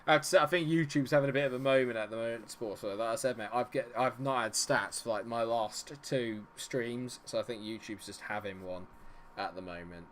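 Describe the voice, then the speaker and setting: A man giving live commentary on a football management game, chatting with viewers and reacting loudly to the match. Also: mid-range voice, a little fast, a little hiss or hum. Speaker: streamer.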